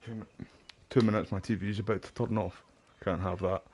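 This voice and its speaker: A man's voice: fairly low pitch, fairly even intonation, brisk, a little mellow, slight background noise. A man rambling casually as he comments on his gameplay. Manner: rambling, chatty tangents. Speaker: gaming streamer.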